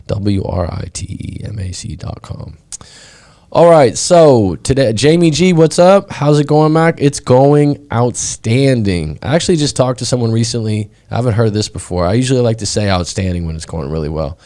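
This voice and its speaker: A man's voice: mid-range voice, animated, normal speed, mellow. A man hosting a live stream as a breakup coach, talking in a chatty way and often asking "right?". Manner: chatty, frequently asks "right?".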